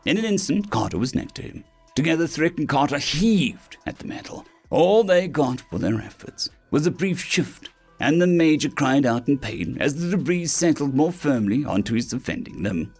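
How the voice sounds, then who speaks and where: A man narrating science fiction stories as an audiobook reader, animated and putting on voices for the characters. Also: on the high side, normal speed, husky, faint music behind. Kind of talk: scripted narration of sci-fi stories.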